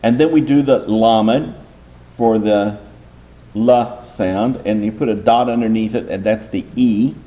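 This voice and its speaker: A man's voice: lowish voice, a little slow, warm tone. A man teaching a Bible class in a lecture style, patiently explaining step by step and posing rhetorical questions to his listeners.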